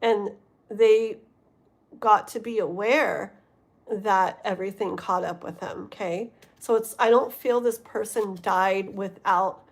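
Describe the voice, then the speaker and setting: Slow-talking woman reading tarot live. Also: mid-range voice, steady tone. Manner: rambling, keeps checking in with listeners. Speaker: tarot reader.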